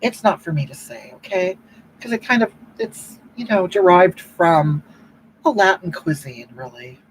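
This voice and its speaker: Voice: a little slow, a little hiss or hum, close to an everyday voice, rough recording. A performer playing a self-righteous older woman who hosts a livestream, rambling and preaching about love while reading the chat. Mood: gushing. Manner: rambling, keeps repeating "you know what?", swoops up and down in pitch. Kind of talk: comedic improvised livestream monologue.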